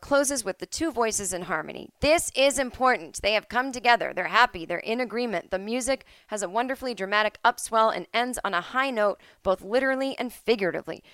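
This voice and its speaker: A middle-aged woman hosting her own podcast from home, chatting casually with animated, sarcastic asides. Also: medium pitch, clean tone, dry recording. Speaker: podcast host. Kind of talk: solo casual chat.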